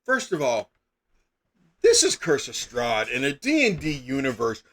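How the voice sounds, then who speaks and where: A man's voice: mid-range voice, huge pitch swings, a little slow, a bit bright. A middle-aged man chatting casually as a game master on a live stream, rambling with lots of fillers and sudden emphatic bursts.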